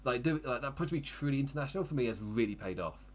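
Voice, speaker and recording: A man's voice: mid-range voice, expressive. Chatty man recapping wrestling. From United Kingdom. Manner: chatty, laughs often, quick self-interrupting asides. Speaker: wrestling podcast host. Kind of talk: casual live recap commentary.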